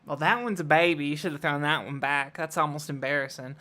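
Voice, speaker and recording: A woman's voice: low voice, fairly quick, pushed and bright. A woman voicing a neurotic, fussy female tavern bartender. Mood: judgmental. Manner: snappish and fussy.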